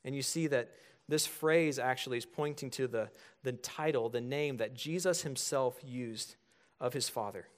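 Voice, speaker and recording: A man's voice: medium pitch, normal speed. A man in his thirties preaching a sermon as pastor, earnest and building to emphatic points.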